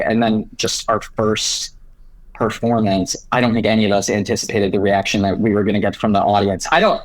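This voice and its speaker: A man's voice: lowish voice, no echo, poor audio. A young man, an actor guest on a podcast, chatting in a bubbly way and laughing often. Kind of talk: casual interview chat.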